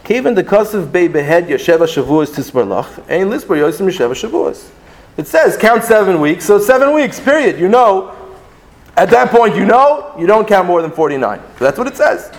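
A man teaching a Talmudic lesson, reading Hebrew texts aloud and explaining them in an animated, sing-song way with many restarts. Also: high voice, normal speed. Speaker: Torah teacher. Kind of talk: Talmudic lecture.

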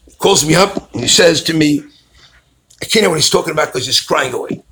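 A man, a rabbi, giving an animated storytelling sermon and acting out the people in his stories. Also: a little high, brisk, slight background noise. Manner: animated storytelling, acts out callers' voices.

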